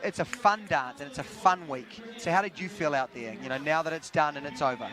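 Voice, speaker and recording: A man hosts a live backstage chat in a playful, joking way. His voice sits fairly high, and music plays loudly behind him. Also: lively intonation, a little fast. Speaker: host.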